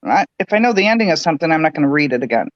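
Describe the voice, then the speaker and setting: A woman's voice: low voice, big pitch swings, racing, no room sound. Chatty woman on a dull lo-fi mic. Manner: chatty, laughing, matter-of-fact. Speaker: podcast co-host. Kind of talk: casual chat. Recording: dull lo-fi sound.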